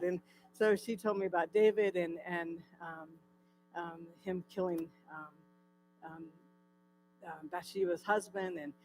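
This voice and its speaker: A woman's voice: on the low side, fairly even intonation, normal speed, soft background music, low-quality recording. A woman speaking at a church, telling her own recovery story in a personal testimony with vivid storytelling and acted-out quotes, earnest and tearful in places.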